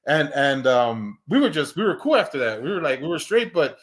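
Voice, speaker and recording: A man's voice: fairly high pitch, big pitch swings, a little fast, a bit bright. Rambling stammering man telling a story. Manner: rambling, many restarts and stammered repeats, swears casually; acts out quoted lines in a raised voice. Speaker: podcast co-host. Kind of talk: casual storytelling chat.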